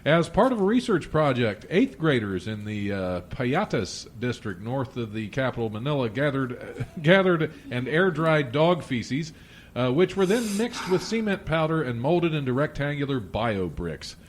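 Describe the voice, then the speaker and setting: A man's voice: mid-range voice, big pitch swings, measured pace. A man hosting a podcast in casual chat. He reads odd news stories aloud and keeps breaking into laughter as he jokes. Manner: jokey, laughs often through his own reading. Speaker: podcast host.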